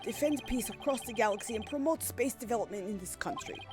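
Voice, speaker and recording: A woman's voice: on the high side, quick pace, music in the background, close to an everyday voice. A woman voicing a pompous older male space center director in a put-on Russian accent, speaking grandly and self-importantly.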